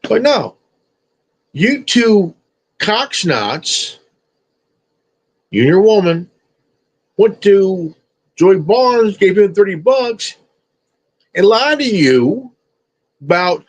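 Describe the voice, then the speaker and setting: Brief: man, high lively voice, slow scolding profane rant. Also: breathy edge, rough recording. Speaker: streamer. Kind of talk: confrontational rant.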